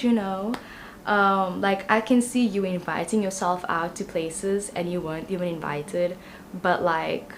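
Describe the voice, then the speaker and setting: A woman's voice: fairly low pitch, slight background noise. A young woman giving a casual tarot reading to camera, chatty and rambling with lots of fillers. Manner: chatty and rambling, many ums and you-knows. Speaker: tarot reader.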